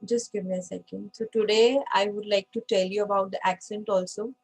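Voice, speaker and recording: A woman's voice: mid-range voice, steady tone, brisk, poor audio. A woman teaching an online French class, patient and checking in with frequent okays.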